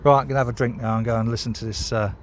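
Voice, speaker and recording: A British man with a medium-pitched, steady voice talks at a racing pace outdoors by a canal, with a slight hiss or hum in the recording. He's a bit tipsy after a beer, and his casual vlog turns into a heated, rambling, sweary rant.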